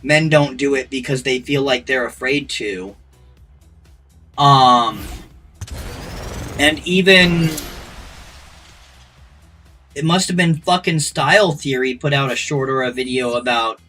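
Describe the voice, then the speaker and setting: A man's voice: medium pitch, sharp tone, far from the mic. A man in his thirties chatting casually as a gaming streamer, rambling, blunt and profane. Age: 30s. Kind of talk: casual off-the-cuff chat. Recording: voice a little off-mic with faint music. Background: faint music.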